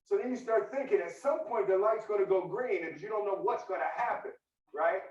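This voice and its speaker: A man telling a long personal story to a meeting, lively and repetitive, asking "right?" a lot. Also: high voice, fairly quick. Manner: animated, repetitive, asks "right?" often. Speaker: guest speaker. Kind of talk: storytelling talk. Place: office meeting room. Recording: echoey, distant, dull room recording.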